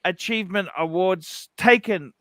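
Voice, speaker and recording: An Australian man hosting a livestream, excitable, reading viewer messages aloud in casual chat. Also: high voice, unhurried, no echo. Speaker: livestream host.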